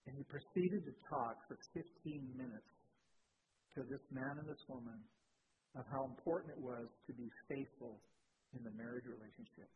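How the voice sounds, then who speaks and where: A man preaching a sermon, telling a personal story in an animated way, with sudden jumps in pitch and loudness. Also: moderate pace. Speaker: pastor. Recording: tinny phone-like sound with faint noise.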